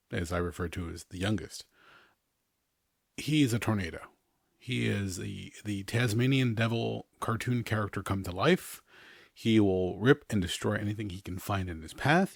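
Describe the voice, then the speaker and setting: A man's voice: fairly low pitch, creaky, dry recording, studio quality. A man hosting a podcast in a casual, rambling chat, often chuckling between his remarks. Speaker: podcast host.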